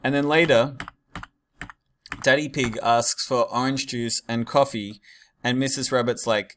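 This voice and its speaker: A man's voice: medium pitch, steady tone, a little slow, long pauses, a bit bright, slight background noise. A man teaching a class in a casual, digressive lecture full of fillers and asides.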